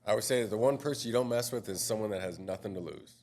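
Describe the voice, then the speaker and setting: A man hosting a podcast, chatting casually and reacting quickly, swearing now and then. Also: on the low side, darkish tone. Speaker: podcast host. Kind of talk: casual interview chat.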